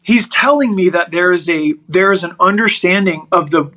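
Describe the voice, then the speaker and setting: Middle-aged male guest, high and bright, animated storyteller who restarts his sentences. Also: normal speed, rough recording. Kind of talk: personal storytelling in a podcast interview.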